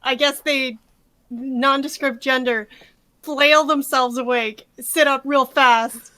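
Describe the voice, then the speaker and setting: A woman player who describes her character in a slow, halting way during a tabletop game. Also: high-pitched, steady tone, bright, forceful tone, no room sound.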